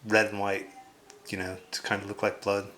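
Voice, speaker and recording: A man's voice: on the low side, completely flat delivery, normal speed, very noisy. A man chatting casually as he unboxes a board game, rambling with lots of fillers and asides.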